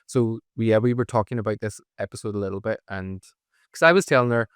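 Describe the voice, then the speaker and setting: A man's voice: lowish voice, fast, clear, resonant tone, dry recording, studio quality. A man from Ireland co-hosting a podcast, chatting about an episode as an eager, jokey fan. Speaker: podcast co-host. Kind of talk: casual chat about a TV episode.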